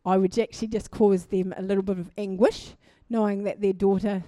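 A young woman preaching a sermon, telling a personal testimony in an animated way and building to fervent exhortation. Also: mid-range voice, a little fast, no echo. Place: church.

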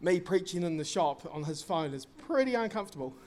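A male preacher with a notably high voice. He preaches casually, tells stories and acts out the lines people said, with plenty of slang thrown in. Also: fairly quick. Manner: lively storytelling, acting out quoted dialogue; casual, slangy talk to the congregation. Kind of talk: sermon.

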